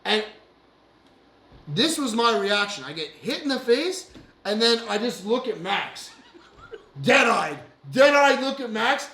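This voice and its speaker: A man's voice: high voice, very animated, slow, pauses often, bright, forceful tone, slight background noise. A man co-hosting a casual show, telling a story with swearing and laughter and acting out the lines of other people. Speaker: podcast co-host. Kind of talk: animated storytelling among friends. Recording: roomy echo.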